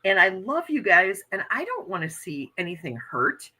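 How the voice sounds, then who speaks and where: A woman's voice: medium pitch, sing-song, moderate pace, bright, forceful tone, husky, rough recording. An American woman hosting a casual livestream chat, talking earnestly and reading viewer comments aloud. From United States.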